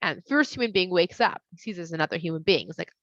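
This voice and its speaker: A woman's voice: fairly low pitch, expressive, fast talker, a bit bright, dry recording, highs cut off. A woman casually retelling a Bible story for children in a playful, slangy way.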